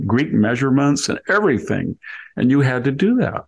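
A man's voice: medium pitch, sing-song, brisk, gravelly, breathy edge. An older man telling wry stories of his school days in casual conversation, laughing as he goes. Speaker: podcast host. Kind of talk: conversational storytelling.

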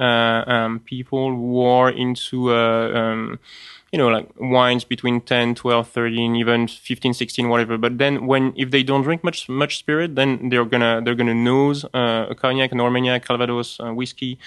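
Man, French accent, halting speech full of restarts, smooth clear voice, dry sound. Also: mid-range voice, level tone, a bit bright, dry recording. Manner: halting, many restarts and fillers. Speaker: spirits importer, guest. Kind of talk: conversational interview.

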